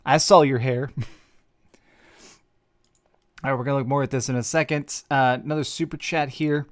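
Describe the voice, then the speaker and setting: A man's voice: mid-range voice, fairly even intonation, normal speed. A young man hosting a casual live stream, reading super chats with joking, self-mocking rambling. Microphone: desk mic with face cam.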